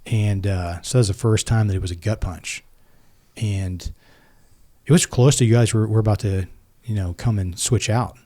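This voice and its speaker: A middle-aged man tells a childhood story in a low, warm, mellow voice. He speaks earnestly and reflectively, restarting sentences and leaning on "like" as he gathers his thoughts. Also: fairly even intonation, normal speed. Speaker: podcast guest, former Navy SEAL. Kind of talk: personal storytelling in conversation.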